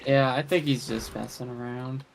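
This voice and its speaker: A man chimes in with easygoing, offhand remarks during a casual gaming stream. His voice sits at a middling pitch, and faint noise hums behind him. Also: fairly even intonation, moderate pace, vocal fry. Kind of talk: casual chat.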